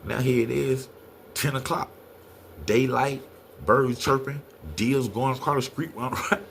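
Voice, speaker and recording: A man's voice: measured pace, gravelly, slight background noise. A middle-aged man telling a story in casual talk, acting out the quoted lines in a raised voice. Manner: animated, acts out quotes in a higher voice.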